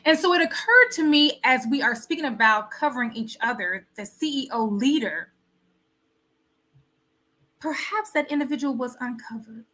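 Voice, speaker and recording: A woman's voice: high voice, expressive, normal speed, pushed and bright. A woman hosting a wellness talk show, speaking in a preachy way with many rhetorical questions and repeated phrases. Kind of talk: motivational live talk.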